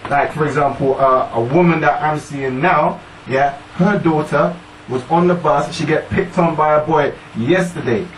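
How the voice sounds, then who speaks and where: Emphatic male speaker, higher-pitched, room echo, some faint hiss. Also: normal speed. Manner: emphatic, repeats "yeah?" to the listener. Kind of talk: casual discussion. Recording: roomy, distant mic, faint noise.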